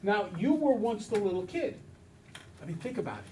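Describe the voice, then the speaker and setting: A man's voice: high voice, brisk, recorded from a distance, a little hiss or hum, poor audio. A man teaching a math class, talking to students and acting out little scenes as he goes. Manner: animated storyteller, acts out voices. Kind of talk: classroom lecture.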